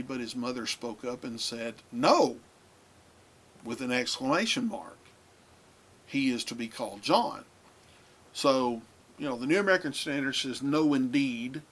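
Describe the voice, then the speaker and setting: A man teaching a recorded lesson on Bible translation, talking in a halting way with many filler pauses. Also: mid-range voice, a bit bright, a little hiss or hum.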